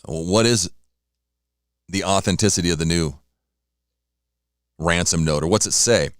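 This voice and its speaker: A man's voice: low voice, measured pace, a bit bright, clear, resonant tone, dry recording, clean studio sound. A man hosting a morning radio show, chatting casually on his own, rambling between sports scores and snacks. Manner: rambling, chatty, talks while eating. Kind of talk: casual solo radio talk.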